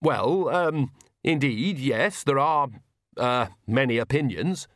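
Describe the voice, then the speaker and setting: A man's voice: mid-range voice, animated, slow pace, a bit bright, no echo, voice pushed up. A jittery young priest , voiced by a male narrator, stumbles over his words in a raised, anxious voice. He sounds like an earnest, easily rattled clergyman from a storybook, and the reading is dry and close. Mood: flustered. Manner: hesitant, stammering. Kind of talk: audiobook character voice.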